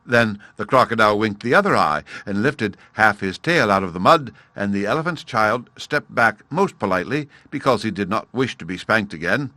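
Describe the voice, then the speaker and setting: A man's voice: on the low side, expressive, fairly quick, few pauses, pushed and bright, no room sound. A man narrating a classic storybook aloud, addressing his listener fondly as he tells the tale. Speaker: audiobook narrator.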